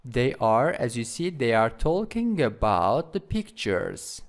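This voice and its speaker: Male English teacher, patient drilling style, unhurried and animated in pitch. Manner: repeats each word several times, slow drilling; friendly, with checking "okay?". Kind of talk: classroom vocabulary tutorial.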